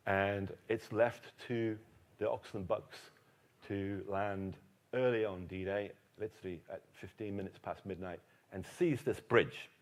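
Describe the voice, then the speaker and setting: A man's voice: fairly low pitch, steady tone, unhurried. A middle-aged man with an English accent tells a history story to a live audience as keynote speaker, dropping dry, teasing jokes. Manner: dry, joking asides to the audience.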